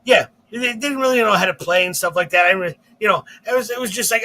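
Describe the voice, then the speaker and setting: A man co-hosting a comedy podcast, telling a rambling, profane, animated story. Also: sits high, fast talker, low-quality recording.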